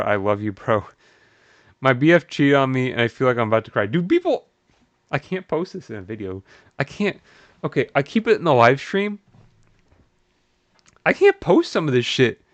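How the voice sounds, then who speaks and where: A man's voice: no room sound, dull audio. A man streaming live, reading old forum posts aloud and reacting with incredulous, swearing commentary and frequent laughter. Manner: animated, incredulous, swears, laughs often, jumps up in pitch.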